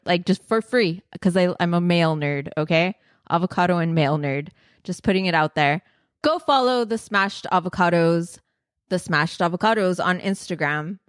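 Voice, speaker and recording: A woman's voice: fairly low pitch, moderate pace, clear, resonant tone, no room sound. Giggly podcast host lady gushing about a band, dry close mic. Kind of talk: casual podcast chat.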